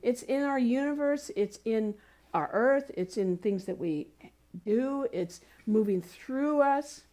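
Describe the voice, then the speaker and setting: Higher-voiced woman minister preaching. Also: animated, takes it slowly, dark tone. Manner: conversational, telling personal stories; encouraging, speaks to the congregation. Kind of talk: sermon. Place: spiritual community center service.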